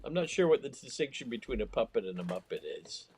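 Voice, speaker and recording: A man's voice: mid-range voice, big pitch swings, fast talker, crowd noise. A male comedian in casual podcast chat, teasing the others dryly.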